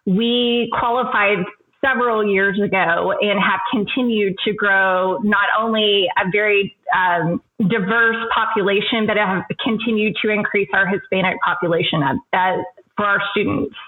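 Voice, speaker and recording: Bright-voiced Texas woman professor. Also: mid-range voice, steady tone, normal speed, low-quality recording. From Central Texas. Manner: friendly, lots of ums and uhs. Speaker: assistant professor, guest. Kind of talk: podcast interview.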